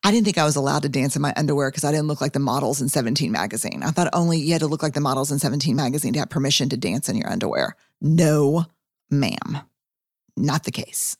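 Woman podcast host, low voice, casual, candid, unhurried when reflecting. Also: dry recording, studio quality. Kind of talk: conversational podcast hosting.

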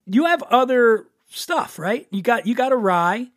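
A man's voice: extremely high pitch, lively intonation, unhurried, no room sound, studio quality. A man from Philadelphia with a Philadelphia accent, hosting a casual whiskey tasting chat, joking and restarting often. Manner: chatty, joking, many restarts. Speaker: podcast host.

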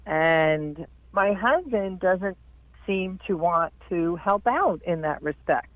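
A woman calling in to an advice show, speaking in a hesitant, halting way. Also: fairly low pitch, lively intonation, dry recording. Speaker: caller. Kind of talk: call-in phone conversation. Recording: tinny dry phone line.

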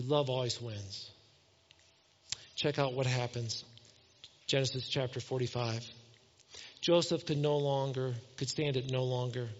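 High-voiced preacher in an echoing hall. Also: male voice, highs cut off. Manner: animated storytelling, reading scripture aloud and voicing the characters. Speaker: pastor. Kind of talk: sermon.

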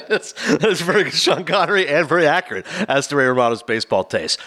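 A man co-hosting a casual podcast chat, telling stories in an animated way. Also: a little high, slight background noise. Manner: rapid, animated storytelling. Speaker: podcast co-host.

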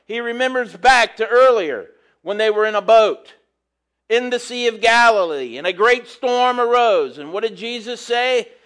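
A man preaching a conversational sermon, reading scripture and adding relaxed, chatty asides. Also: very high-pitched, moderate pace.

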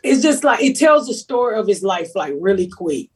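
A woman's voice: medium pitch, moderate pace. A middle-aged woman, telling a brash, profane story on a casual podcast. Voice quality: very rough, raspy voice. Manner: brash, profane storytelling with big animated quotes. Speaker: comedian and podcast host. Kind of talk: casual chat.

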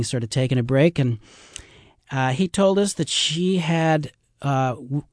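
A man's voice: medium pitch, darkish tone, no room sound, clean studio sound. An older man, a river guide, telling stories in an earnest, folksy way with plenty of fillers on a radio interview. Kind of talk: casual radio interview storytelling.

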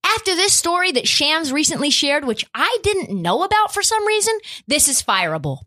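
A woman hosts a sports talk podcast in a high, lively voice that swings widely in pitch. She rants with blunt profanity and fires off rhetorical questions. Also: normal speed. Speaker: podcast host.

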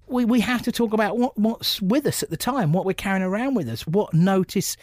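A man, a stand-up comedian, answers interview questions in a blunt, joking manner and slips into other people's voices as he tells the story. His voice sits a little high for a man. The sound is dry and close. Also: a little fast, few pauses, a little mellow, no room sound.

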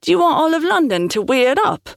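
A man's voice: very high-pitched, very animated, brisk, creaky, no echo, clean studio sound, voice pushed up, exaggerated voice. A narrator voicing a thin, sallow male protester who whines, in an audiobook. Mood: whining. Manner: whining. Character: thin sallow young man, whiny protester.

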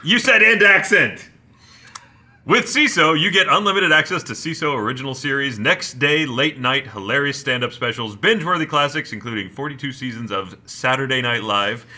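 A man's voice: medium pitch, sharp tone. A man co-hosting a casual podcast, joking and reading an ad with mock enthusiasm. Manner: playful, reads ads with mock enthusiasm. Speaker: podcast co-host. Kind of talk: casual chat and ad read.

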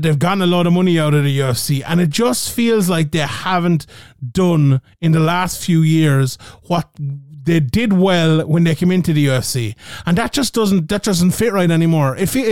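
High-voiced man ranting. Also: smooth, no echo, studio quality. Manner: animated, ranting, swears freely. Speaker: podcast co-host. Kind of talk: casual podcast chat.

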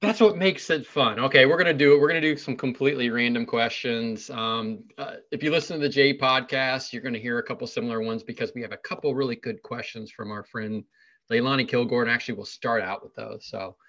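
A man co-hosts a loose podcast chat, firing off silly questions and laughing between them. His voice sits at an ordinary middle pitch. The recording sounds a bit dull and lo-fi. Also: fairly bright tone. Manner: joking, laughs often, rapid-fire playful questions. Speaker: podcast co-host. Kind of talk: casual interview chat.

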